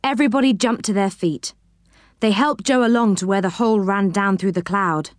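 A woman reading a children's storybook aloud, expressive and dropping her voice for each speech tag. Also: mid-range voice, moderate pace, no room sound, clean studio sound.

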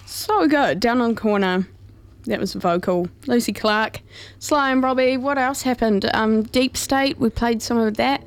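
A woman's voice: fairly high pitch, unhurried, a little hiss or hum. A woman, hosting a radio show in casual chat, with a lot of "um" as she talks. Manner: chatty, laughs easily, hesitant fillers. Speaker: radio host.

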